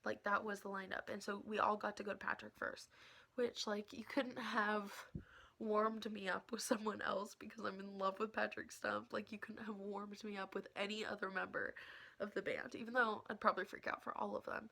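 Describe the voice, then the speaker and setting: A young woman telling an excited story in a casual vlog, laughing often and dropping into whispers. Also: medium pitch, normal speed, vocal fry. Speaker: vlogger.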